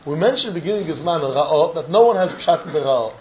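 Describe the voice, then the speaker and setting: A man giving an animated Talmud lecture, acting out both sides of a dispute in the first person. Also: fairly high pitch, fast, muffled recording, a little hiss or hum. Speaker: Talmud teacher.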